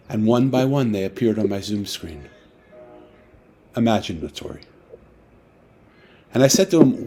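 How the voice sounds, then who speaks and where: A man, an author, telling a personal story in a lively way and acting out the dialogue, over a video call. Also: lowish voice, slightly rough. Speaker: author guest. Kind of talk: storytelling talk.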